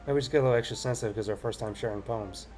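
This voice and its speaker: A man's voice: mid-range voice, very fast, darkish tone, soft background music. A man hosting a game playthrough, reading the story aloud and joking casually between scenes. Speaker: let's play host.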